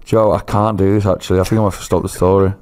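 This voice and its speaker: A young man with a fairly low voice tells an embarrassing story on a casual podcast. He laughs at himself and swings from loud outbursts to hushed asides. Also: level tone, rapid-fire, clear, resonant tone. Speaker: podcast co-host.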